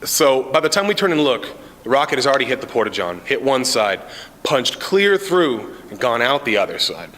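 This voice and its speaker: A man telling stand-up comedy stories in a casual, deadpan way, with many "uh" fillers, recorded in an indoor common area. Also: mid-range voice, normal speed. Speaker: amateur stand-up comic, Army sergeant. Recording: reverberant indoor room.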